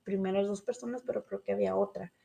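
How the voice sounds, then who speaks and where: A woman's voice: mid-range voice, fairly even intonation, rapid-fire, creaky, mellow. Bilingual woman telling a story casually. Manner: switches between English and Spanish mid-sentence, swears casually. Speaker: podcast co-host.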